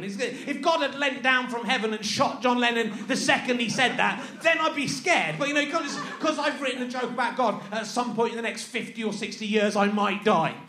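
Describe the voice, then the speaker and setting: A man's voice: very high-pitched, bright, forceful tone. A male stand-up comedian performing live, sarcastic and incredulous, teasing the audience as he reads out a list. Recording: echoey venue with audience laughter.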